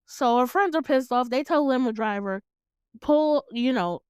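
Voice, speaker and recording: Hosting her own podcast, a woman with a high-sitting, clean voice reviews a movie at normal speed, swearing without restraint and laughing a lot as she acts out how she reacted. The sound is clean studio audio with no room sound.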